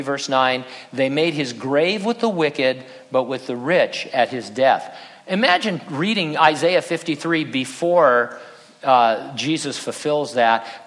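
A man's voice: medium pitch, fairly bright tone, big-room sound. A man preaching a sermon, working through a Bible passage verse by verse and slipping in dry, sarcastic asides. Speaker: pastor.

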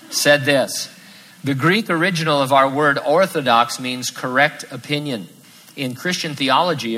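A man preaching a sermon, lively and acting out the voices in his quotes. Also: medium pitch, rough recording. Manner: animated, acts out quoted voices. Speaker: pastor.

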